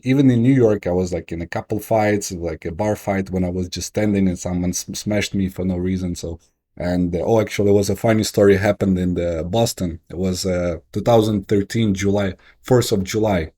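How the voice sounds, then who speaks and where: A Ukrainian-accented man speaks as a guest in a relaxed interview. His voice sits low and warm, and he tells stories in an animated, halting way, full of restarts. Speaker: guest, investor and entrepreneur. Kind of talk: casual interview storytelling.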